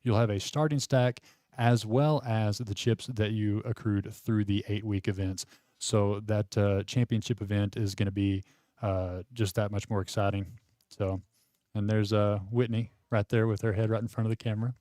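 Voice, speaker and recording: Man, poker stream host, casual commentary, chatty, lowish voice, dry sound. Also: little pitch movement, moderate pace, mellow, no echo. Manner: chatty, laughs often, many fillers.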